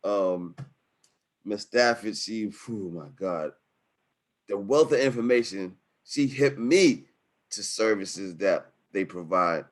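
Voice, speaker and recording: Give me a man with a lowish voice hosting an online webinar, energetic, slangy and emotional. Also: slow pace. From New York City. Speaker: webinar host. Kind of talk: hyped-up casual webinar wrap-up. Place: home setup in Harlem. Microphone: video call.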